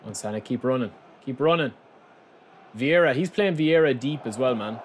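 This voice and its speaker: A man with an excitable manner, commentating live on his own football video game and talking straight to his viewers. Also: medium pitch, moderate pace, slight background noise. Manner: excitable, shouts and groans at the play, addresses viewers as lads. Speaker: gaming channel host.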